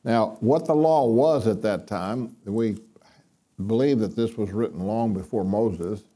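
A man's voice: fairly low pitch, measured pace, warm tone. A man teaching the Bible to a room of listeners, reading scripture aloud and explaining it plainly, with frequent ums and restarts.

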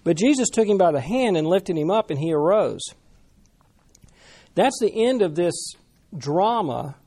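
A man preaching a sermon in a conversational, animated way, talking with the congregation. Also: high voice, measured pace. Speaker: pastor.

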